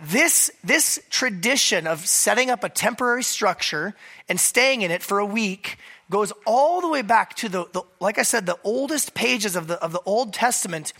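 A middle-aged pastor with a cold, preaching a sermon to a church that meets in a high school, relaxed and joking between points. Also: moderate pace. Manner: conversational with joking asides. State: hoarse from a cold.

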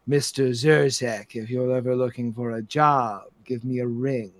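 A man voicing a sly old sorceress grandmother with sharp teeth, speaking softly and drawing out her words. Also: mid-range voice, fairly even intonation, unhurried, no room sound, pitched below the performer's own voice, lightly acted. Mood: silky menace.

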